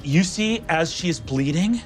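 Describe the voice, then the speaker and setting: A man running a tabletop game as game master, narrating quickly and vividly with bursts of energy. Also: on the high side, animated. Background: music.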